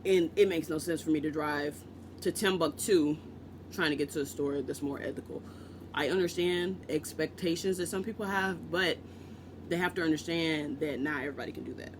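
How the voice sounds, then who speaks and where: Man from the US, book vlogger, loose chatty delivery, pitched high. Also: moderate pace, background noise. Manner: chatty, self-interrupting, joking asides. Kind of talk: casual rambling vlog chat.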